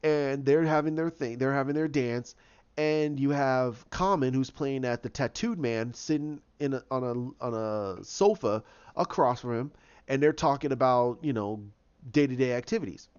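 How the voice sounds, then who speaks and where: A man's voice: mid-range voice, moderate pace, a little mellow, clear, resonant tone. Rambling man on a dull lo-fi recording. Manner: rambling, with frequent restarts and acted quotes. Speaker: video host giving opinions. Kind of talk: casual opinion commentary.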